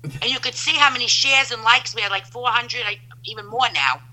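A woman, a guest telling loud, animated stories in casual chat over a phone line. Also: fairly high pitch, a little fast.

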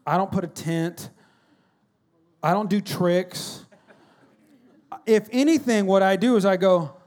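A man with a high voice preaches a sermon in a church. He is animated, bursting into loud acted-out shouts and then dropping to quiet, earnest talk. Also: takes it slowly, pauses often. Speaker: pastor.

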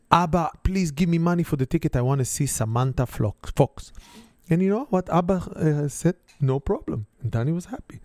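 In a relaxed family setting, a man with an Israeli accent tells his kids a story in a lively storyteller style, using simple, non-native grammar. His voice sits in the mid-range, and there's no echo.

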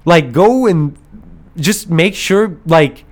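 Male podcast host, casual rambling storyteller, slightly high voice with very lively pitch, mimics others. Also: takes it slowly. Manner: animated, rambling storyteller who acts out voices and laughs often.

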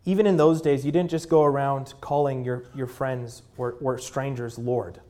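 A man's voice: medium pitch, steady tone, normal speed. Conversational male preacher. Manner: conversational preaching with many fillers; drops to a hushed voice at moving moments. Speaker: pastor. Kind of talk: sermon.

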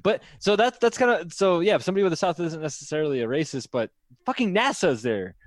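A man co-hosting a comedy podcast in casual chat, excitable and swearing freely. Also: a little high, quick pace, no room sound. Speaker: podcast co-host.

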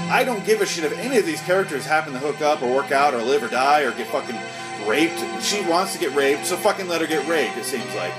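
Man, angry movie rant, swears constantly, slightly high voice, music in the background. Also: poor audio. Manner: profane, ranting, exasperated; mocking impressions of characters. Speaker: movie reviewer. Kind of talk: angry unscripted movie review.

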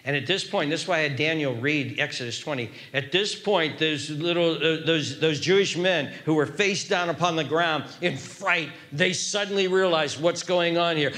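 A man preaching a sermon with dramatic, repetitive emphasis, dropping at times to a hushed whisper. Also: a little high, animated, moderate pace.

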